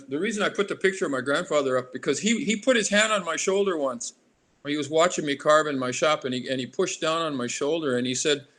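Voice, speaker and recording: A man's voice: on the high side, a bit bright. A man in his sixties from Alaska, an artist being interviewed, who drifts into long tangents and loses his thread. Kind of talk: casual interview.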